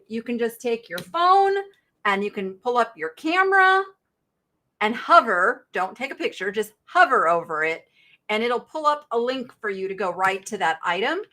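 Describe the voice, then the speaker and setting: A woman runs a casual live-stream sale from her home studio, talking loosely and cheerfully to her viewers. Her voice is bright and forward, sitting a touch high for a woman. She rambles, jokes at herself and laughs easily between points. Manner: chatty, bubbly, laughs often. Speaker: live-sale shopping host.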